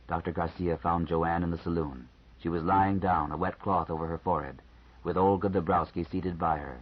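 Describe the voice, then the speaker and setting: Low-voiced male audiobook narrator. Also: steady tone, normal speed, slightly rough. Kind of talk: audiobook reading. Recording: slightly muffled lo-fi recording.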